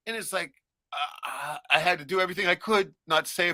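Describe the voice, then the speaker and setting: A middle-aged man ranting crudely and loudly on a casual livestream, a few beers in. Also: a little high, expressive, a little fast, dry recording, studio quality. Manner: profane, rowdy, loud ranting. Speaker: livestream host.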